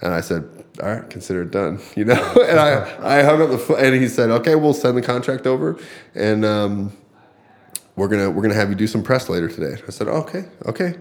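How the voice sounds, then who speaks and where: A man's voice: lowish voice, lively intonation, a little fast. A man telling a personal story in casual conversation, acting out what others said, with fillers and laughs. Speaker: podcast guest, fighter.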